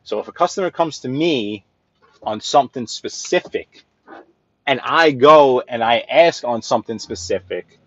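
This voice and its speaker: A man's voice: medium pitch, animated, normal speed, no room sound, lo-fi sound. A man venting while he drives, talking to chat in a live driving vlog and repeating himself as he rants. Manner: exasperated ranting, repeats himself. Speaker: livestreamer and sales rep. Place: inside a moving vehicle.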